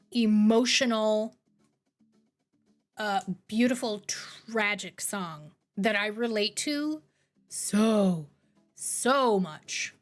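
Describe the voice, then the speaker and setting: A woman in her thirties, a streamer chatting casually with her live chat, rambling between bright greetings and quiet low asides.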